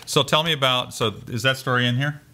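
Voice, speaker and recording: A man's voice: mid-range voice, steady tone, brisk, sharp tone. A man co-hosting a podcast, chatting casually and prompting his co-host with questions. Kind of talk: casual chat.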